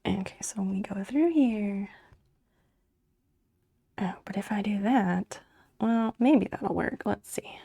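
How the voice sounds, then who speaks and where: A woman's voice: mid-range voice, slow pace, vocal fry, pauses often, mellow, breathy edge. A woman streamer chatting casually with her viewers while she crochets, muttering and swearing under her breath as she works. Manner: chats back to viewers' messages.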